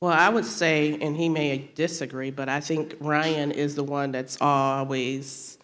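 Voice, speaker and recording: On a panel, a woman speaking as a wife and business owner gives a candid answer, earnest and a little emotional, laughing softly. Her voice is low and level at a measured pace with hardly any pauses, and a long hall reverb surrounds it.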